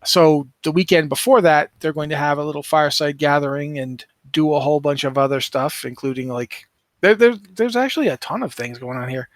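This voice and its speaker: A man's voice: a little high, no echo. A middle-aged man co-hosting a casual podcast, rambling, correcting himself and apologizing for mispronouncing names. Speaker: podcast co-host.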